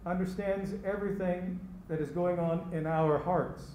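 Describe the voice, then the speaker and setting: A man preaching a sermon as pastor, slow and emphatic, repeating key phrases. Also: sits high, steady tone, dark tone, a little hiss or hum. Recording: echoey room with faint ambience.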